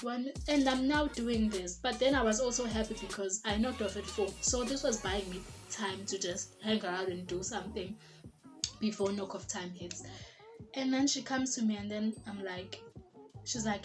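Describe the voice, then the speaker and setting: A young South African woman telling a casual storytime, chatty and animated, slipping in isiZulu phrases and lots of "like". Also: a little high, moderate pace. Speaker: vlogger. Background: background music.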